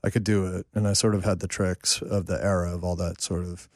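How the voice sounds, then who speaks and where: A man in his fifties, a songwriter and producer, telling animated, self-deprecating stories in a casual interview. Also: low-pitched, fairly quick, no echo, studio quality. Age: 50s. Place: home studio room.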